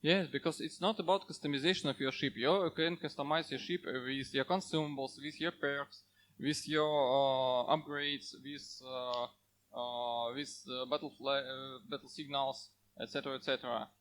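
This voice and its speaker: A man answering conference questions as a game developer, in halting English with many fillers. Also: mid-range voice, steady tone, a bit bright, rough recording. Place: conference hall.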